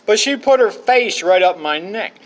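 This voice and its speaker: A man's voice: sits high, expressive, moderate pace, poor audio. Rambling middle-aged man telling stories. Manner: meandering and colloquial, with frequent uhs and asides. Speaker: vlogger. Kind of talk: rambling personal storytelling. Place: outdoors at a campsite.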